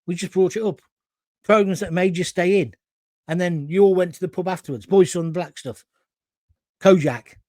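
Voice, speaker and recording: A man's voice: fairly high pitch, a little mellow, dry recording, studio quality. A middle-aged man hosting a live talk show, chatting through viewer comments and wandering into anecdotes.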